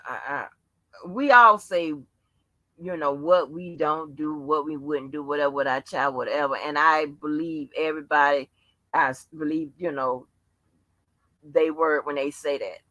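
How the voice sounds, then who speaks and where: A woman speaks casually and profanely to her viewers, with a lot of restarts and fillers before she gets heated. Her voice is bright and forward. The recording is dry and close, with no room sound. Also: low-pitched, unhurried, long pauses, no room sound. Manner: rambling with many restarts and fillers. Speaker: channel host. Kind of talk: casual livestream rant.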